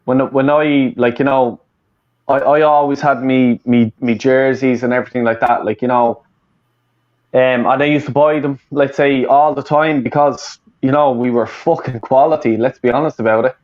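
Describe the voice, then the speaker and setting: A man's voice: mid-range voice, steady tone, normal speed. Sweary Irish man on muffled audio. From Ireland, Dublin. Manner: sweary, heated ranting. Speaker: fan podcast co-host. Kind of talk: casual chat.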